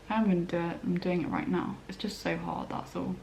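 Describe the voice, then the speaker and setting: A woman's voice: on the low side, flat delivery, fairly quick, vocal fry, slight background noise. A young woman chatting casually at home, rambling with lots of "like" and acting out her own thoughts. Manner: rambling, full of "like" and quoted inner voices. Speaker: vlogger. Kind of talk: casual chat. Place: dining room table at home.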